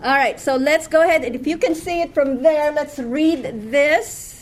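A woman teaching a Hebrew class, explaining words patiently and repeating them slowly for her students. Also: sits high. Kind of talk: classroom lesson.

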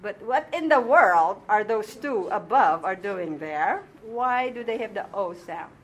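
A woman's voice: mid-range voice, animated, measured pace, a bit bright. A woman teaching a language class patiently, repeating words and often checking in with her students. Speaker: Hebrew teacher. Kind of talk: classroom lesson.

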